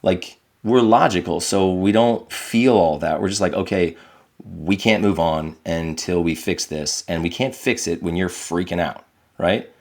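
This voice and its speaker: A man's voice: low-pitched, unhurried. A middle-aged man, a podcast guest, telling candid, reflective stories about his parenting and acting out quotes in a raised voice. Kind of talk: candid conversational storytelling.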